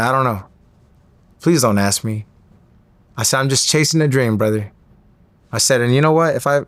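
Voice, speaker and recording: A man in his thirties telling a story as an interview guest, acting out the other people's voices as he goes. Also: no echo. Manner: acts out quoted voices with rising pitch. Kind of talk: animated storytelling.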